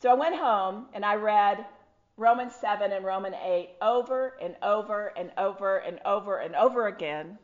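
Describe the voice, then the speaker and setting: A middle-aged woman, telling her personal testimony to a live audience in an animated, self-deprecating way. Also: medium pitch, normal speed, highs cut off. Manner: animated, self-deprecating storyteller with frequent restarts. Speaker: speaker sharing her testimony. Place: room with an audience.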